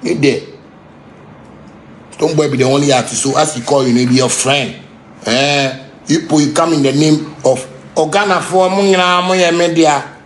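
A man with a Ghanaian Pidgin English accent ranting angrily, heated and repetitive, sometimes shouting. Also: fairly high pitch, moderate pace, pauses often, a little hiss or hum. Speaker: musician ranting on a livestream. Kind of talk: angry unscripted rant.

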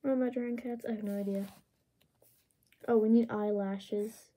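Playful woman doodle-vlogger, higher pitch, soft husky tone, casual chatty delivery. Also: normal speed. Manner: playful, chatty, reads prompts in lively voices. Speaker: art channel creator. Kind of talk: casual drawing commentary.

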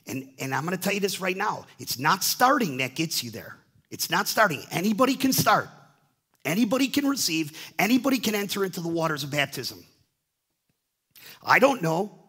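A man's voice: high-pitched, sing-song, normal speed, pushed and bright, husky. A man in his fifties, a pastor, preaching an impassioned sermon, acting out voices in the stories he tells, often repeating words. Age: 50s.

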